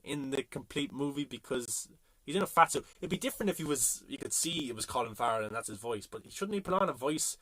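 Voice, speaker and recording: A man's voice: mid-range voice, animated, quick pace, a bit bright, no echo. Chatty Irish man on a livestream. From Ireland. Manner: rambling, chatty, jokey. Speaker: livestream host. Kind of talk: casual chat reading viewer comments. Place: home at night. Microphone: phone.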